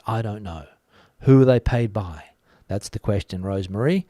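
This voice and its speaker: A man's voice: fairly low pitch, normal speed, dry recording. Casual male news host, dry close sound. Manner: relaxed, many "uh" fillers, reads comments aloud and muses. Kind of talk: casual news commentary reading viewer comments. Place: lives in Spain.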